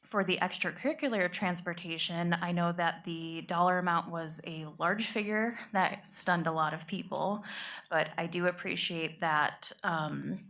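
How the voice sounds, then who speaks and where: Earnest low-pitched woman at a meeting. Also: steady tone, a little slow, creaky, a bit bright. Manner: earnest, appreciative, with fillers. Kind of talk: public meeting remarks.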